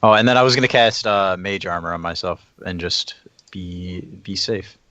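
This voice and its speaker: A man playing a tabletop game, speaking in a halting way as he searches for words. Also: deep voice, bright, forceful tone, dry recording, muffled recording. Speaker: player. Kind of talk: casual tabletop game chat.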